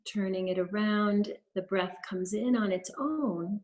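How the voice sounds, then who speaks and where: A woman practicing holistic health takes a webinar audience through a guided breathing exercise, her instructions gentle and given step by step. She has a medium-pitched voice and an unhurried delivery, and the recording is rough.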